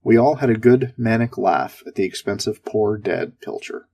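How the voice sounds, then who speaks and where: A man's voice: on the low side, moderate pace, creaky, dark tone, husky. A man narrating a first-person sci-fi story in a sardonic, darkly comic tone.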